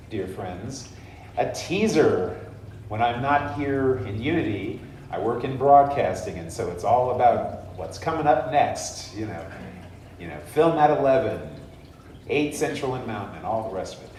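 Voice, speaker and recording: A man giving a sermon in a church, speaking in an unhurried, conversational and playful way. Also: mid-range voice, darkish tone, slight background noise. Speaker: guest speaker. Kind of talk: sermon with humor. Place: church sanctuary. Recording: echoey church hall, mic far off.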